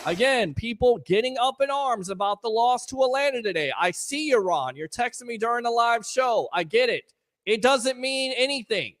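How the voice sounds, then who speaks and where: A man hosting a live call-in sports talk show, ranting in a fired-up, sarcastic way and shouting at times. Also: very high-pitched, lively intonation, normal speed. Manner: sarcastic, scolding critics.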